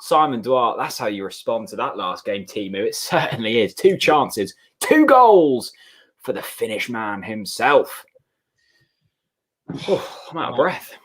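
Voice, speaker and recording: A man's voice: mid-range voice, sing-song, takes it slowly, fairly bright tone, husky. A man co-hosting a fan watchalong, trading joking banter about the match. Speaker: fan channel co-host. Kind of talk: excited watchalong commentary.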